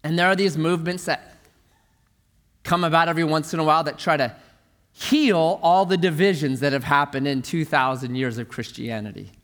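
A man's voice: fairly high pitch, moderate pace, fairly bright tone. A man preaching a sermon in a conversational, storytelling way.

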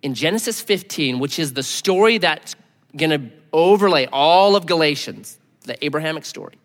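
A man preaching a sermon as pastor, conversational and animated, often dropping to a hushed near-whisper. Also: a little high, long reverb tail.

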